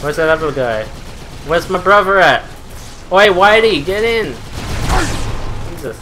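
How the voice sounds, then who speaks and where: A woman doing gameplay commentary, swearing constantly and swinging between furious yelling and low muttering. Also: animated, a little slow, soft background music. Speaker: gamer playing a shooter. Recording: loud game noise behind the voice. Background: game gunfire and ambience.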